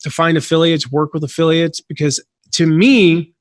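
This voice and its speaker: A man around forty, a podcast guest, telling stories in a casual, animated way, with plenty of fillers and restarts. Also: fairly high pitch, moderate pace, no echo, clean studio sound. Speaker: podcast guest, affiliate marketing consultant. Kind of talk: casual conversational storytelling.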